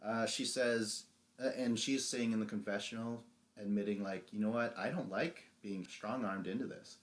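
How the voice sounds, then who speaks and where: A young man with a lowish, fairly even voice co-hosts a podcast at a normal speed. In a casual recap chat, he animatedly retells a reality show episode, acting out lines and laughing often.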